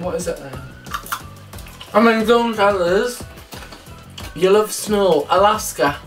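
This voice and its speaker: A woman's voice: medium pitch, expressive, slow pace, far from the mic, soft background music. A woman hosting her own vlog, chatting casually and playfully with a friend and laughing often. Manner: giggly, playful banter. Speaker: vlog host. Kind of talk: casual chat.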